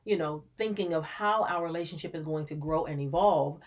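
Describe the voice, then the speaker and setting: A middle-aged woman with a lowish voice, chatting on a podcast with her grown daughter. She talks in a reflective, storytelling way and laughs easily. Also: brisk. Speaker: podcast co-host and mother. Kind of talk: casual conversation.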